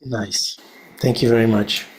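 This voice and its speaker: A man's voice: medium pitch, fairly even intonation, measured pace, a little hiss or hum. A man moderating a temple class, making brief, easygoing remarks to the group. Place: temple hall.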